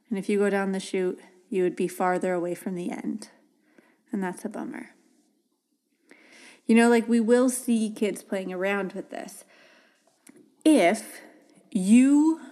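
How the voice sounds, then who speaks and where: A woman hosts a parenting podcast in a relaxed solo talk. Her voice sits at a middle pitch, and her manner is gentle and reassuring. She often slips into soft, kind dialogue as if speaking to a child. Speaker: podcast host, parenting educator.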